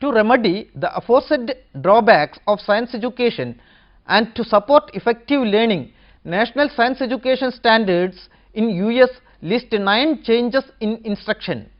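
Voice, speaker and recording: A woman giving an educational lecture, going through numbered points in a measured way. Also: on the high side, expressive, highs cut off. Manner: measured, listing points one by one.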